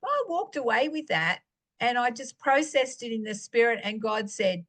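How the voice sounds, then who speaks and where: A woman's voice: fairly high pitch, animated, normal speed, fairly bright tone. A woman giving a personal teaching talk as a preacher, telling stories and acting out her own dialogue.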